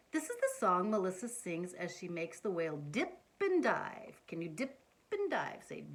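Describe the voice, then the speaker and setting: A woman reading a picture book aloud to young children, gently coaxing them with questions as she points things out. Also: on the low side, sing-song, moderate pace. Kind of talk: children's read-aloud storytime.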